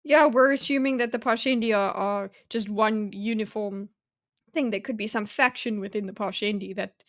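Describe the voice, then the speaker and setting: A woman's voice: medium pitch, moderate pace, no echo, studio quality. A woman co-hosting a book club podcast, musing tentatively, hedging and circling back as she thinks. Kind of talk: casual book discussion.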